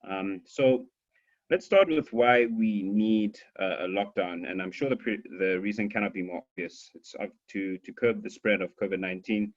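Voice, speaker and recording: A man presenting finance research in a webinar, speaking in a relaxed way with many fillers. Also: on the low side, moderate pace. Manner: relaxed, filler-heavy, joking. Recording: dull lo-fi online call audio.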